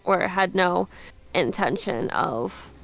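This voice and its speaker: A woman's voice: on the low side, lively intonation, slow pace, gravelly, a bit bright, faint music behind. A woman playing a tabletop game, who animatedly narrates what her character does. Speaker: player.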